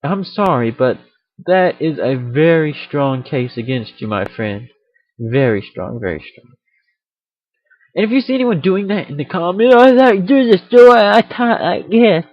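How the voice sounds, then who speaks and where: A man hosting a casual rant video, rambling and joking about himself as he goes, recorded on a computer mic. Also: on the high side. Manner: rambling, self-aware, jokey. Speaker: video host. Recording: dry, dull computer mic audio.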